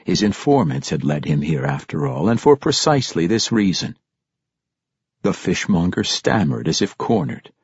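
A man narrating a fantasy audiobook in an expressive storytelling manner. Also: extremely low pitch, normal speed, gravelly, breathy edge, dry recording, muffled recording.

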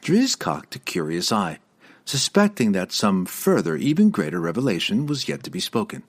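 A male narrator reads a fantasy novel with a dramatic, expressive delivery. His voice is lowish and a little husky, and it moves lively up and down through each sentence. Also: moderate pace. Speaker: audiobook narrator.

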